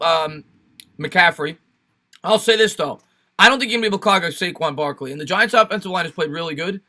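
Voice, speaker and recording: A man's voice: on the high side, pushed and bright. Chatty New York man streaming sports talk. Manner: chatty, fan banter, thanks viewers by name. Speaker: sports live-stream host. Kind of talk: casual sports talk live stream, reading chat.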